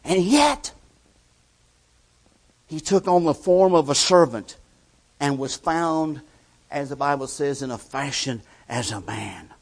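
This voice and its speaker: A man preaching a sermon, slow and deliberate, swinging between loud declarations and hushed lines. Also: medium pitch.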